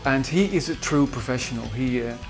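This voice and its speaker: A man's voice: mid-range voice, lively intonation, a little fast. Hesitant Dutch man over faint guitar. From Netherlands. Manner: hesitant, with many fillers and restarts. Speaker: composer recalling his album's singers. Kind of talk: interview reminiscence. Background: faint guitar music.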